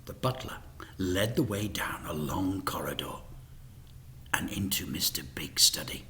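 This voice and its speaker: A male teacher reading a children's book aloud, expressive and sometimes dropping to a whisper. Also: low voice, unhurried. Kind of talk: storybook read-aloud.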